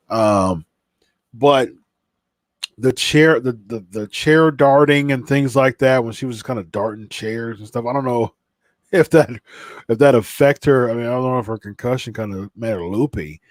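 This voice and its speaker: A male podcast host rambles through a live stream in a casual, mid-pitched voice, with many "uh"s and restarts. He sounds slightly stuffy, and the recording is dry and close with no room sound. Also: no room sound.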